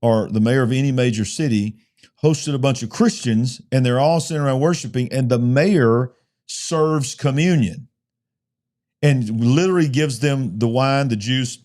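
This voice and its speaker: A man's voice: medium pitch, moderate pace, a little mellow. Man hosting a news commentary show. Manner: reads headlines aloud with emphatic asides. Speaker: host.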